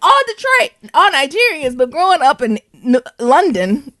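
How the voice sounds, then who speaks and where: An American woman co-hosting a podcast in casual chat, slangy and animated, laughing often and spelling words out. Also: high voice, moderate pace, dry recording, clean studio sound. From United States. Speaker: podcast co-host.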